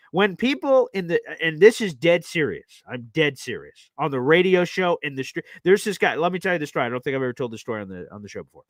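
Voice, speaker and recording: Male football talk host, lively up-and-down voice, dry close sound, enthusiastic. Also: fairly high pitch, no room sound. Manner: enthusiastic, animated, says "baby" often. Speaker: host of a sports talk show. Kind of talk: live-stream football talk.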